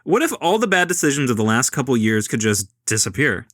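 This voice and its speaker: A man reading the lines of a smooth rich young man who calmly talks an armed robber down. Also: mid-range voice, fast, no echo, clean studio sound, voice pushed down. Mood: persuasive.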